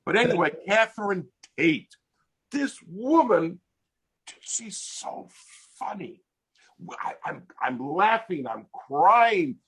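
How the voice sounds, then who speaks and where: An older American man with a husky, slightly raised voice tells a story on a video call. His pitch leaps around as he laughs and builds the joke, casual and animated throughout. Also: takes it slowly. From United States. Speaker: interview guest, hypnotist.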